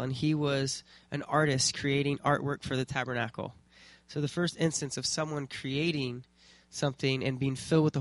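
Speaking in a mid-range voice with no echo, a man gives an informal faith talk to a small group of artists. He's relaxed and rambling, full of fillers and restarts.

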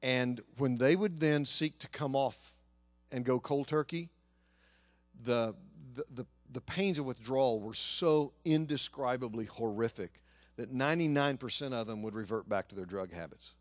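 A man as a pastor, telling a story in an earnest sermon and lively when quoting others. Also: mid-range voice, normal speed, no echo.

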